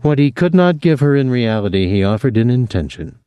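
A man narrating a novel in a measured, even manner. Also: mid-range voice, clean tone, dry recording, dull audio. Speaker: audiobook narrator.

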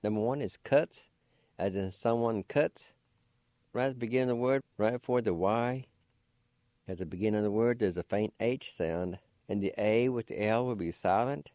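A man hosting a radio language lesson, slowly spelling words and patiently repeating each pronunciation. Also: on the low side, darkish tone, no room sound, studio quality. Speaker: language teacher and radio host. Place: radio studio.

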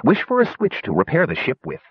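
A man's voice: a little high, huge pitch swings, brisk, breathy edge, no echo, pitched above the performer's own voice, exaggerated voice. A man doing an eager, wise little gnome. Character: sage, earnest male gnome inventor. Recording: dull lo-fi audiobook recording.

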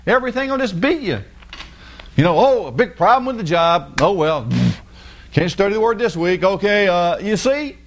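A man's voice: high voice, lively intonation, moderate pace. A man preaching a casual, folksy sermon in plain everyday words. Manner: folksy, plain-spoken, mimics people with sing-song voices.

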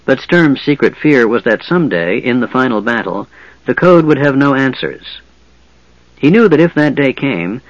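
A man reading fantasy narration aloud in a steady, even storytelling manner. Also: mid-range voice, no echo, dull audio. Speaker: audiobook narrator.

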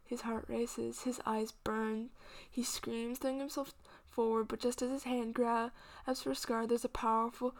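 Brief: female story reader, fiction, flat steady delivery, slips into whispers. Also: a little high, a little slow. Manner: drops often into hushed whispers. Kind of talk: dramatic fiction reading.

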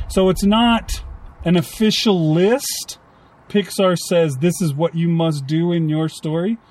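A man's voice: a little high, a little mellow. A man co-hosting a casual podcast chat, rambling and acting out little quoted lines. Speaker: podcast co-host.

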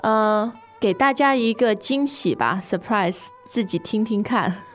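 A woman's voice: mid-range voice, expressive, unhurried, faint music behind. A woman co-hosting a podcast language lesson, patiently modeling words and affirming her partner. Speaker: co-host, language teacher.

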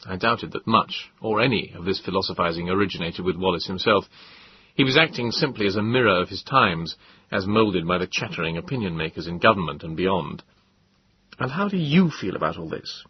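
A man narrating an audiobook in a husky voice, measured and reflective. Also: low-pitched, a little hiss or hum. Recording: dull lo-fi dry audiobook.

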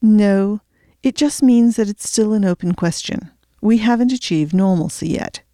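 A woman's voice: medium pitch, normal speed, mellow, dry recording, studio quality, natural voice. A woman voicing a frustrated middle-aged man, a retired recovery agent who talks tersely and with exasperation. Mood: guarded.

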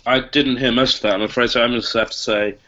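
A man's voice: medium pitch, fairly even intonation, fast, bright, forceful tone, slight background noise. A man in a panel discussion who talks bluntly and casually and swears freely. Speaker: Wikipedia editor. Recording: muffled lo-fi audio.

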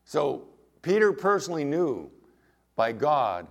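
Male pastor preaching, animated and emphatic, quizzes the congregation. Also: fairly high pitch, takes it slowly, gravelly. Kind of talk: sermon.

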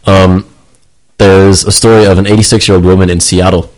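A man's voice: low voice, level tone, fairly quick, darkish tone, rough recording. A man chatting casually on a talk show, rambling and stammering as he restarts. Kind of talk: casual chat.

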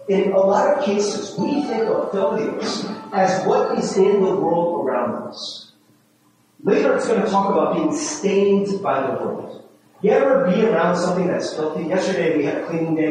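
A man's voice: high voice, darkish tone, a little hiss or hum. A man preaching a sermon as pastor, talking with the congregation in a conversational way and often asking "right?". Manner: acts out his own inner voice with rising, fast self-talk. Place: church sanctuary. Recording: very echoey hall, voice from far off.

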